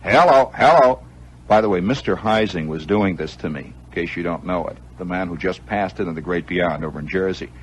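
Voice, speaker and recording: A man hosting a radio show, telling a long story in an animated way with chuckling asides and acted-out moments. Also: deep voice, brisk, hardly any pauses, husky, low-quality recording. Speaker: radio host. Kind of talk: improvised storytelling monologue.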